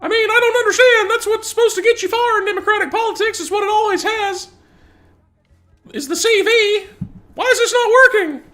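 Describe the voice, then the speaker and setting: A man putting on a high, whiny voice as a smug young male politician, a comedic impression. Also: a little fast, pushed and bright, soft background music. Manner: whiny, indignant.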